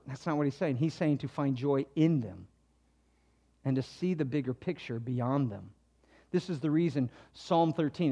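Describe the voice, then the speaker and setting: Pastor, male, high voice, animated delivery with sudden loud climbs. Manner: animated preaching, swinging between low asides and loud emphatic passages. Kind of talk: sermon. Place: church.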